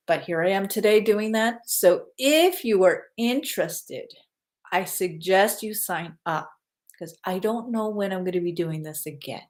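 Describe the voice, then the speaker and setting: Lady psychic doing a casual livestream, chatty, keeps checking in with okay?. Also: mid-range voice. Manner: chatty, repeats reminders with "okay?". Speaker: psychic medium hosting a livestream.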